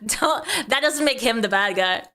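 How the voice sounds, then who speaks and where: A woman's voice: fairly high pitch, animated, moderate pace, sharp tone. A woman streamer reacting to clips in casual commentary, giggling and teasing, repeating funny lines.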